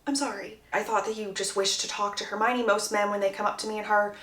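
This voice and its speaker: A woman voicing a frank, chatty young woman who is quick to apologize and put herself down. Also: on the high side, lively intonation, a bit bright, reverberant. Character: young woman, frank, self-effacing best friend.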